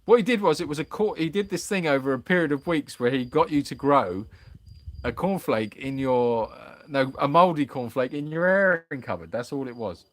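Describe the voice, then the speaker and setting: A man's voice: mid-range voice, lively intonation, normal speed. A man hosting a live Q&A stream, worn out, reading viewers' comments aloud and bantering playfully with them in casual chat.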